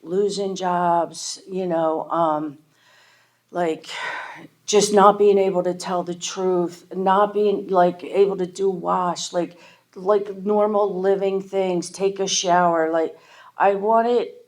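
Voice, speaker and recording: A woman's voice: lowish voice, fairly even intonation, takes it slowly. A middle-aged woman speaking candidly and self-deprecatingly about her own recovery at a meeting, with a Philadelphia-area American accent and lots of casual fillers. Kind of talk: personal recovery talk.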